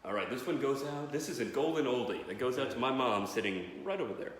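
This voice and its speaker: A young man doing a rambling, excitable stand-up set in his parents' living room. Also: mid-range voice, fast talker, very echoey, in a large hall, slight background noise. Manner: rambling, self-interrupting and excitable. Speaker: stand-up comedian.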